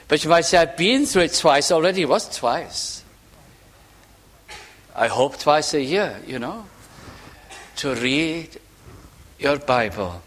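A man preaching a sermon, asking rhetorical questions and swinging from emphatic to hushed. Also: mid-range voice.

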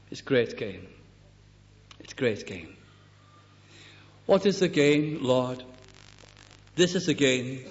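Man preaching slow and deliberate, quotes hymns, fairly high voice, muffled old recording. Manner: slow and deliberate, quoting scripture and hymns, dropping his voice low on key words. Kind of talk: sermon. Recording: dull lo-fi recording in a reverberant hall.

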